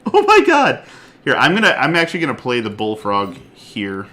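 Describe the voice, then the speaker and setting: A man streaming a card game live, chatting excitedly, laughing often and swinging from loud outbursts to quiet muttering. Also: medium pitch, moderate pace, a little hiss or hum. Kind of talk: live gameplay commentary.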